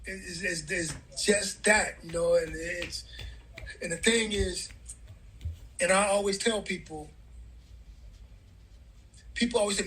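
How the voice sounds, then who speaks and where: Man, high voice, bright tone, casual interview storytelling, middle-aged. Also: takes it slowly, pauses often, low-quality recording. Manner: casual, loose, repeats "man" and "bro". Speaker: guest.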